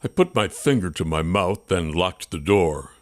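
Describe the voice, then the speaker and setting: A man with a low voice reads a first-person audiobook. His pitch rises and falls freely as he builds the suspense of the story. His storytelling is expressive and tense. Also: moderate pace, no room sound, studio quality. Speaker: audiobook narrator.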